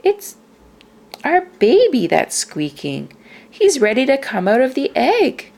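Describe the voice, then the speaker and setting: A woman's voice: high-pitched, wildly swooping pitch, slow pace, vocal fry, darkish tone, pitched above the performer's own voice, full character voice. A woman voicing a father bird in a storybook, speaking in a reassuring, matter-of-fact manner. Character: cheerful, steady father bird.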